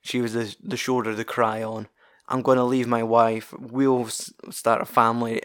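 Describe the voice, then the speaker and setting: A man's voice: mid-range voice, fairly bright tone. A man with a Scottish accent recapping a film plot in a casual, rambling way, swearing freely and laughing as he goes. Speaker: film reviewer.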